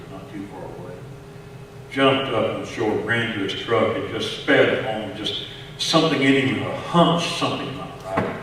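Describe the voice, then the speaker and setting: A man with a Texan accent preaching a sermon, telling a story with repeated words, dropping to a hush and then rising. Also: medium pitch, slight background noise. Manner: storytelling with frequent repeated words, swinging between hushed and raised. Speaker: pastor. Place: large church sanctuary. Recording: echoey church hall from far off.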